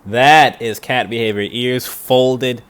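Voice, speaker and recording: A man's voice: medium pitch, fairly even intonation, slow pace, noisy background. A young man, an animator, chatting casually and rambling as he reacts to a film. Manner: rambling, thinks aloud with restarts.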